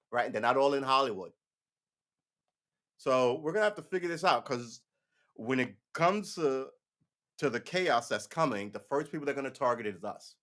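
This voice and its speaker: A man's voice: medium pitch, a bit bright. A man hosting his own podcast, talking off the cuff in a blunt, rambling way, with frequent restarts and some swearing. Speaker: podcast host. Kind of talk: casual solo livestream commentary.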